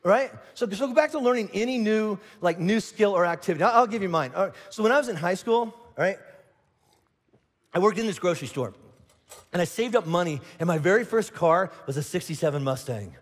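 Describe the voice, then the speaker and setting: A man's voice: high-pitched, lively intonation, brisk. A middle-aged man from Indiana preaching a sermon as pastor, telling stories with acted-out voices and frequent restarts. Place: large church auditorium. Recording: long hall reverb.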